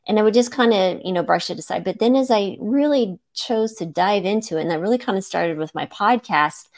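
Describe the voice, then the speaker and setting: A woman's voice: medium pitch, darkish tone. A middle-aged woman physician hosting a reflective solo podcast, talking earnestly and encouragingly with many "right?" checks and "um" fillers, at moments close to tears. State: emotional, near tears.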